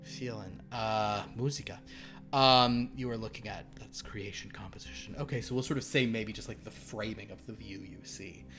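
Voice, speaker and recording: A man narrating a horror tabletop game as game master, halting with fillers and dropping to hushed asides. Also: lowish voice, steady tone. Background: background music.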